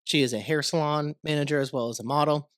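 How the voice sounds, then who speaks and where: A man's voice: fairly high pitch, fast, no room sound, studio quality. A man from the United States hosting his podcast in casual, rambling talk, congested from a cold. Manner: rambling, relaxed, swears casually. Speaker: podcast host.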